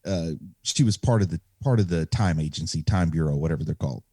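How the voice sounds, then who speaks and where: A man co-hosting a podcast, musing in an animated way and trading theories in casual chat. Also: a bass voice, quick pace, slightly rough, no echo, studio quality. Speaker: podcast co-host.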